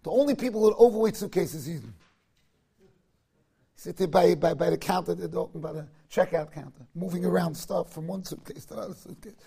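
Torah teacher, male, husky and fairly high, chants verses, jokes in asides. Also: fairly quick, mellow. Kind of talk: Torah lecture.

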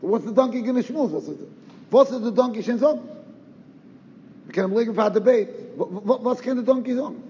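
High-voiced man teaching in an echoey hall. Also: a little fast. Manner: lively rhetorical questioning with Yiddish and Hebrew terms. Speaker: Torah teacher. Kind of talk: Torah lecture. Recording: roomy reverb, dull lo-fi sound, faint noise.

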